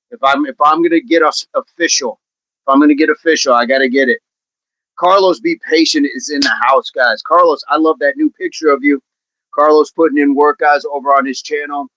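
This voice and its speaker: A man's voice: on the high side, fairly even intonation, a little fast, pushed and bright, no room sound, lo-fi sound. A man hosting a casual fitness livestream, chatting with viewers in a rambling way and laughing often.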